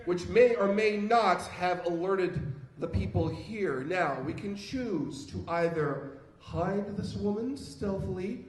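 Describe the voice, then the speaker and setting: Lively high-voiced male game master. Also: slow pace. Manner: animated, laughing, playful. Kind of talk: live tabletop game narration. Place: convention panel room. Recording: echoey room, background noise.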